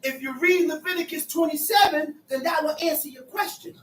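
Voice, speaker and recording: Male Bible teacher, very high voice, casual street-talk explainer, distant roomy sound. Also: a little fast, fairly bright tone. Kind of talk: preaching Bible study. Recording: echoey room, voice from afar.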